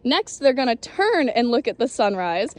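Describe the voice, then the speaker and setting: A woman teaching English vocabulary in short lesson clips, speaking slowly and clearly. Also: fairly high pitch, very animated. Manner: slow, clear, explanatory. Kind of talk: short English-tip reels.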